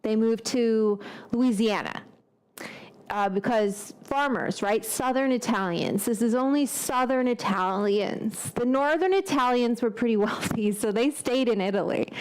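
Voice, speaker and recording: A woman's voice: on the high side, lively intonation, unhurried, smooth. A woman hosting a casual cooking vlog, rambling and thinking aloud as she chats. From United States. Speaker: cooking show host.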